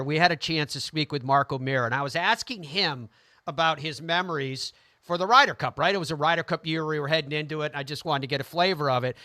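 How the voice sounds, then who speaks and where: Bright, dry-voiced male show host. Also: fairly high pitch, no echo. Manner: enthusiastic, chatty questioner. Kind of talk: interview show hosting.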